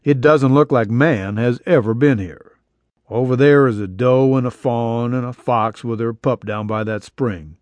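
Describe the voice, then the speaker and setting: A man playing a soft-spoken young cowboy. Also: mid-range voice, unhurried, no echo, natural voice. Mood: tender. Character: gentle young cowboy in his twenties.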